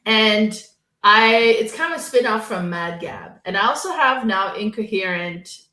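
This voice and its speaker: A woman co-hosting a board game podcast in casual chat, talking loudly with a strong voice. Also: mid-range voice, lively intonation, measured pace. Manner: loud, strong voice. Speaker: podcast co-host. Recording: roomy echo.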